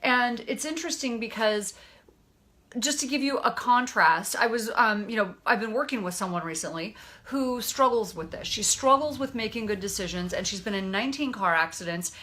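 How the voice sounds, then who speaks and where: A woman's voice: on the high side, normal speed. A woman in her forties co-hosting a podcast, telling stories animatedly and acting out quotes. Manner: animated storyteller, acts out quotes. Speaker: podcast co-host, nurse. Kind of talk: casual storytelling chat.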